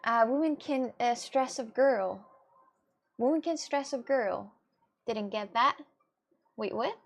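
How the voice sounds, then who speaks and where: A woman's voice: fairly high pitch, slow, vocal fry. A woman with a chatting casually to her viewers, rambling and restarting with many fillers. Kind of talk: casual chat.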